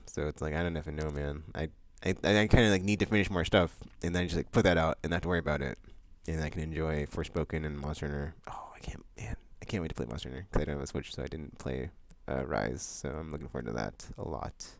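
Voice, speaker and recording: A man hosting his monthly vlog, chatting loosely with lots of fillers, restarts and bursts of excitement. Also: extremely low pitch, fast talker, gravelly, dry recording. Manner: excitable outbursts about upcoming games. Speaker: vlog host. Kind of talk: casual rambling monthly vlog chat.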